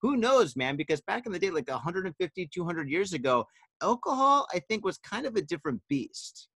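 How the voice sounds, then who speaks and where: A man's voice: high voice, big pitch swings, fairly quick, gravelly, fairly bright tone, husky, no room sound. A man hosting a casual podcast chat, tipsy from wine, telling rambling stories full of swearing and "dude". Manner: profane, rambling storyteller, says dude and man a lot. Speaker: podcast host.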